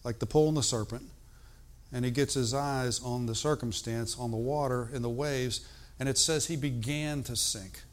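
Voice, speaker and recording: Older man, preacher, sermon, emphatic, swings from loud to hushed, mid pitch. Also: moderate pace. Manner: animated, emphatic, shifts between loud and hushed.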